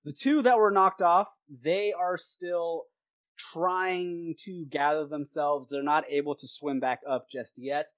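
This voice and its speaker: Game master, tabletop narration, lively voice, dry close sound. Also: medium pitch, no room sound. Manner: lively, laughing narration with quick asides.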